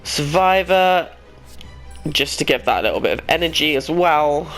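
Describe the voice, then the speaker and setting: Rambling self-deprecating gamer, higher-pitched man. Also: expressive, normal speed, fairly bright tone, soft background music. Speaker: gaming YouTuber. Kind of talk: casual let's-play commentary.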